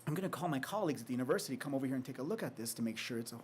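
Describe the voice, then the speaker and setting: A man voicing a calm village schoolteacher woman who speaks softly and in a measured way. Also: mid-range voice, a little hiss or hum, lightly acted.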